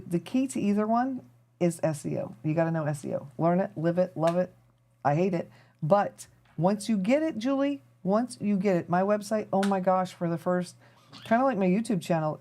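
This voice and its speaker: A woman with a fairly low, dark-toned voice hosts a live stream. She chats casually with her viewers, rambling as she thinks aloud while tinkering.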